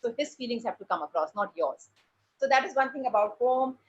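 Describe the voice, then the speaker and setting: Woman drama teacher, lively high voice, dull lo-fi sound; pausing deliberately, stressing key words. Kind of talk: presentation to parents. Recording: dull lo-fi recording.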